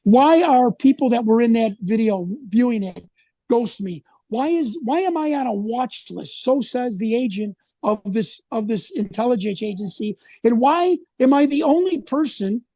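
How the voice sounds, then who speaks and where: A man's voice: very high voice, lively intonation, moderate pace, warm tone, no room sound. A man talking as an interview guest, rambling and indignant as he tells his story. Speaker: independent researcher, guest. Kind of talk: casual interview conversation.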